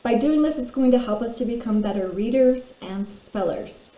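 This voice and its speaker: Teacher lady doing a phonics lesson, mellow voice, echoey room, sounds out letters slow. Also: a little high, animated. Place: room at a desk. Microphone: camera pointed at desk.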